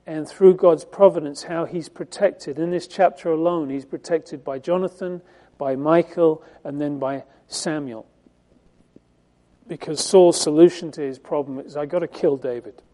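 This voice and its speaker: A man's voice: fairly high pitch, steady tone, measured pace, dark tone. A man preaching a Bible-teaching sermon in a conversational, emphatic way, with frequent fillers and restarts.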